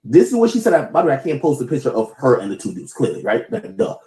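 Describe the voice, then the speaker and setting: A man's voice: medium pitch, very animated, fast talker, mellow, reverberant, poor audio. A man on a livestream telling a personal story in a rambling, stammering, defensive way.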